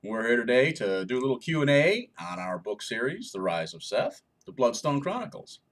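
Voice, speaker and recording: A man's voice: medium pitch, sing-song, normal speed, fairly bright tone. A man co-author answering reader questions in a casual chat, explaining things in a jokey way.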